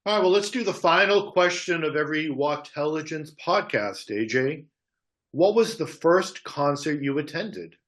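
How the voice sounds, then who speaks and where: A man's voice: on the high side, lively intonation, normal speed, fairly bright tone. A man hosting a podcast, asking his guest questions in a conversational way. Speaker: podcast host. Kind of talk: interview questions.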